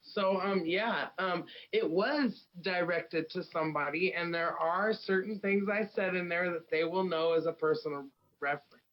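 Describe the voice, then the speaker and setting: A woman rapper from the Pacific Northwest, interviewed casually as a guest, speaks frankly and tells stories packed with fillers. Her voice is lowish at a normal speed, and the sound is lo-fi.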